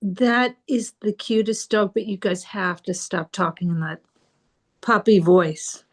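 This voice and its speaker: A woman improvising in a comedy scene with dry, wry remarks. She speaks slowly at a middle pitch. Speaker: improv player.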